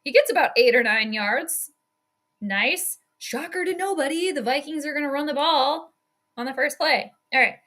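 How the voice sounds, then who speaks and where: A woman with a high-pitched, sharp and bright voice calls a football game live from her home stream. She talks casually, laughs often, and reads out her chat as she goes. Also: normal speed. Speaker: sports streamer doing live game commentary. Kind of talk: casual live play-by-play commentary.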